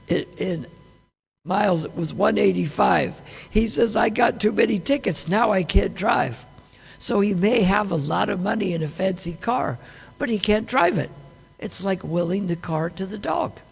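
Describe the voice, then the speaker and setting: Brief: male class speaker, husky and gravelly, asks the room rhetorical questions, long hall reverb. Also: high-pitched, a little mellow. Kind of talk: scripture class talk. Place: temple hall.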